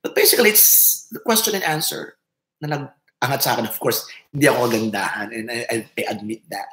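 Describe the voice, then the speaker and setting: This livestream host, in their fifties and speaking with a Filipino accent, keeps up a chatty live conversation full of laughter, moving between Tagalog and English. The voice is mid-range and a bit bright, the pace quick, and the room echoes noticeably.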